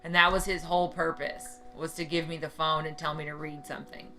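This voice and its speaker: A woman on a live stream asking curious, quick follow-up questions in a casual chat. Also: low voice, level tone, sharp tone, soft background music.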